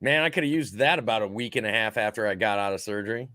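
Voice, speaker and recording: A man's voice: lowish voice, pushed and bright. A man co-hosting a casual podcast, joking around as he reacts to videos. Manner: joking, quick to laugh along. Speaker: podcast co-host.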